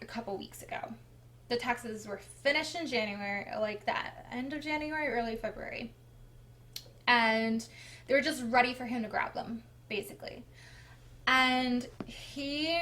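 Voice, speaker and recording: A young woman with a slightly high voice tells her own story to the camera as a vlogger. She talks casually and animatedly, full of "like" and "um". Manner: chatty, animated retelling with many "like" fillers.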